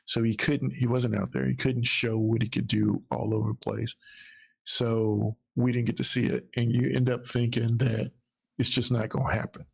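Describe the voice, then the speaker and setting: A man hosting a live football talk stream, chatting casually in a rambling, halting way with frequent restarts. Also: medium pitch, little pitch movement, creaky, breathy edge.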